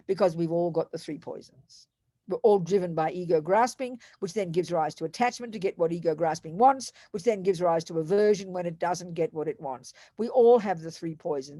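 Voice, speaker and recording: A woman with an Australian accent, giving a Buddhist teaching in an animated, emphatic way with storytelling asides. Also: mid-range voice, no echo, studio quality.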